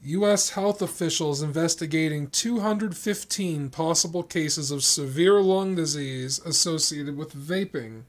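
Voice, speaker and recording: A man's voice: fairly high pitch, a little slow, hardly any pauses. A man co-hosting a casual chat, profane and given to mock-outraged rants. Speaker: podcast co-host.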